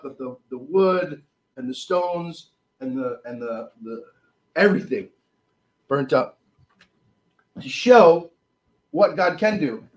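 A man preaching a sermon, reading scripture with rising force and dropping low on asides, with frequent restarts. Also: low-quality recording. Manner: animated, rises loud on scripture and drops low on asides; halting, with restarts and fillers.

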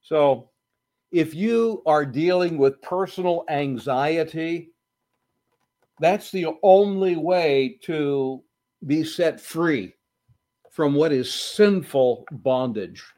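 A man preaching a sermon, slow and deliberate, building to emphatic repetitions. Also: on the high side, warm tone. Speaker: pastor.

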